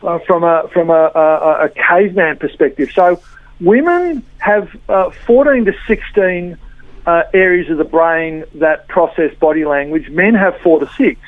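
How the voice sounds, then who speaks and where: A woman's voice: on the low side, unhurried, no room sound. A woman guest explains her points over a thin, phone-like line. Her delivery is full of fillers and repeated starts, and the sound is dry with no room to it. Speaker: body language trainer.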